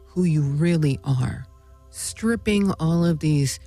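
A woman's voice: low-pitched, slow pace, dark tone, dry recording, soft background music. A woman hosting a spiritual talk show, speaking in a meandering monologue full of "you know" and "right?". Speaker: host.

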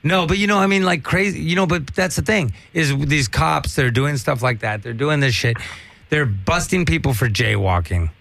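A man's voice: fairly high pitch, moderate pace, gravelly, a bit bright, no echo. A comedian, a man, rambling through profane stories in a casual podcast chat. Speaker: comedian guest.

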